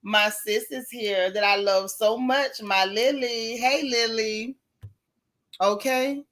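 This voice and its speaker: Woman livestream host, bright forceful voice, higher pitch, chatty, greets viewers by name. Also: takes it slowly. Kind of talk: casual livestream chat.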